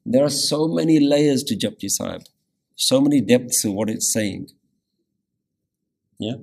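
A man teaching a Sikh scripture lesson, explaining meanings and pronunciation with careful, deliberate explanation and frequent "yeah?" check-ins. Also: mid-range voice, expressive, creaky, a little mellow, breathy edge. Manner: pronounces Punjabi scripture carefully.

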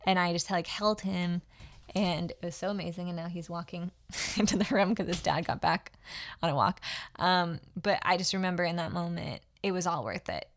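Woman, young adult, somewhat low voice, casual and heartfelt, lots of fillers and restarts. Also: moderate pace. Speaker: podcast host. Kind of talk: personal storytelling.

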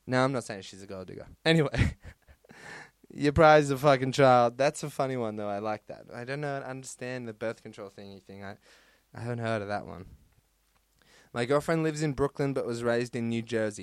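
A man's voice: mid-range voice, brisk, clear, resonant tone, no echo. A man hosting a podcast, reading out listener stories in casual chat, swearing freely and laughing between lines. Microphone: close podcast mic.

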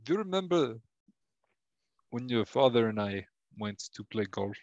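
A man playing a boastful Russian immigrant husband with a Russian accent, talking in a deadpan, needling way. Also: mid-range voice, normal speed, no room sound, lo-fi sound, lightly acted. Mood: smug teasing. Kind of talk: comedy sketch acting.

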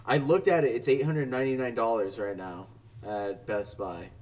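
A man's voice: mid-range voice, normal speed, darkish tone. A young man co-hosting a casual podcast chat, laid-back and swearing often. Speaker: podcast co-host. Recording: distant from the mic.

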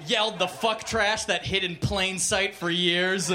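A man's voice: sits high, fairly even intonation, unhurried. A man reading a crude comic story aloud on a comedy club stage, with mock-literary narration. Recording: noisy live club recording.

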